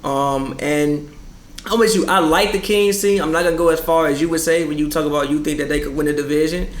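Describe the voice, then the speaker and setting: A man with a slightly high voice needles his co-host, firing back with quick teasing jabs in a casual sports chat. His voice carries an echoey room sound. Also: steady tone. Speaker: podcast co-host.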